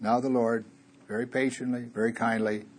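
A man with a somewhat husky, breathy voice delivers a sermon in a relaxed, conversational way. He drifts between loud and soft passages, puts rhetorical questions to the room and chuckles at his own asides. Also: medium pitch, moderate pace. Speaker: preacher. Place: church.

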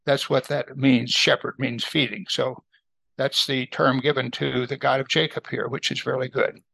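An older man leads a Bible study in a chatty, conversational way and keeps checking that his listeners follow. His voice is gravelly and bright, a little above the usual pitch for a man. It is recorded close and dry. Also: flat delivery, normal speed, dry recording. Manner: conversational, asks listeners to agree.

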